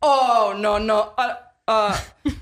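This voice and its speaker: A woman's voice: fairly high pitch, fairly even intonation, slow pace, very noisy. A young woman co-hosting a podcast in casual, giggly chat, swearing now and then. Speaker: podcast co-host.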